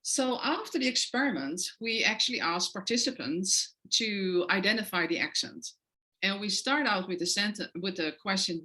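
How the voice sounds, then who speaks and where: A woman's voice: fairly low pitch, sharp tone, poor audio. A woman with a non-native English accent giving an academic lecture, explaining her research with frequent hesitant fillers. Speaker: guest lecturer.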